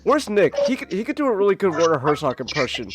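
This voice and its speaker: Brief: animated male streamer host, bouncy and quick to laugh. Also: sits high, very noisy. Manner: laughs often, animated and teasing. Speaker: podcast host. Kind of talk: casual live-stream chat.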